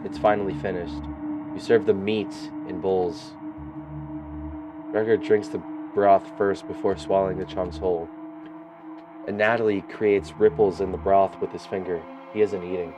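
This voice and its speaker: A man's voice: low-pitched, flat delivery, normal speed, music in the background, rough recording. A man reading a story game's text aloud, breaking in with casual slangy asides.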